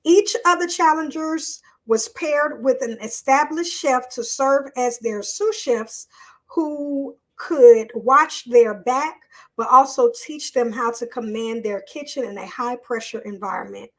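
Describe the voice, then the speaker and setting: Chatty high-voiced woman live-streaming. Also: a little slow, fairly bright tone. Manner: chatty, addresses viewers as y'all, loose and off-the-cuff. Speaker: host of a live online show. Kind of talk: casual live-stream talk and reading news aloud.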